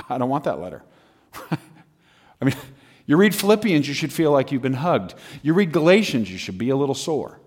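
A man's voice: medium pitch, sing-song, normal speed, long pauses, breathy edge. A male preacher with an ordinary mid-range voice, giving a humorous and conversational sermon. He speaks with energy, often breaks into laughter and pushes his voice up for emphasis.

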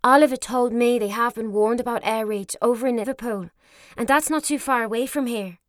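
A woman voicing a quiet, sensible young nurse who speaks earnestly and cautiously. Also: fairly high pitch, fairly quick, dry recording, studio quality, close to an everyday voice. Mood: worried.

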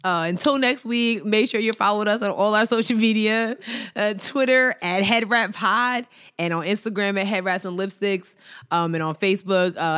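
A woman's voice: mid-range voice, fairly bright tone, smooth. A woman co-hosting a podcast, telling a long rambling joke in casual chat, full of fillers. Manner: rambling storyteller, heavy on fillers. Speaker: podcast co-host.

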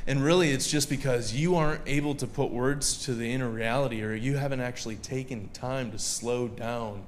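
Male preacher, mid-pitched, casual stage talk, banters with the room. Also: slight background noise. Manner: conversational, joking asides with the audience. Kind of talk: sermon. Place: live venue with audience.

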